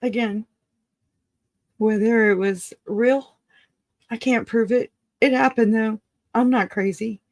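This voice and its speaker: A woman giving an emotional personal account of a family loss, halting and restarting, earnest and raw, with casual swearing. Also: on the high side, steady tone, a little mellow, no echo, clean studio sound. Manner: halting, full of restarts and self-corrections. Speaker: grieving relative.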